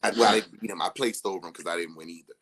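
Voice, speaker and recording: Lively man with a low voice. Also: rapid-fire, husky. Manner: animated storyteller who laughs often and acts out quoted people. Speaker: interview guest. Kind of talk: casual live-stream chat.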